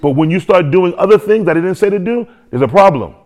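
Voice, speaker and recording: Lively man preaching a sermon. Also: sits high, fast. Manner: lively preaching with joking asides and repetition. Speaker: pastor.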